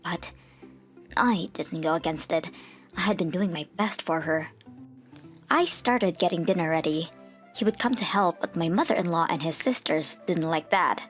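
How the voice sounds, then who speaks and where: A woman's voice: fairly low pitch, moderate pace, faint music behind. A young woman narrating a dubbed manga story in an earnest, first-person storytelling manner. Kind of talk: scripted manga dub narration.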